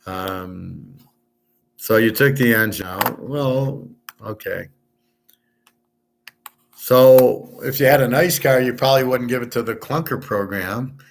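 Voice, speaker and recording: Man, casual livestream host, loud and clear, blunt, opinionated, rambling, mid-pitched voice. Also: takes it slowly, long pauses, slight background noise. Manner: talks loud and clear on purpose. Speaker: sports handicapping show host. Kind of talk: casual livestream chat with viewers.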